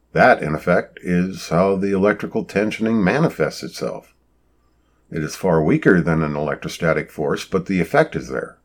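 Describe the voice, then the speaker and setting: A man narrating a science fiction story in a measured, explanatory way. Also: low voice. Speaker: audiobook narrator.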